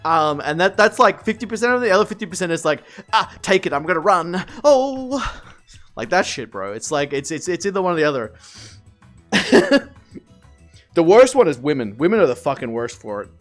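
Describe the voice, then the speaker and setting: A man chatting casually with his stream, telling stories in a lively, swear-heavy way. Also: fairly high pitch, a little fast, soft background music. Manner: animated storyteller, swears freely. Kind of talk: casual live-stream chat.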